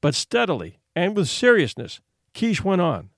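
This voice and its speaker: A man narrating a story aloud in an expressive storytelling manner. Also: high-pitched, moderate pace, no room sound, studio quality. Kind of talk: audiobook narration.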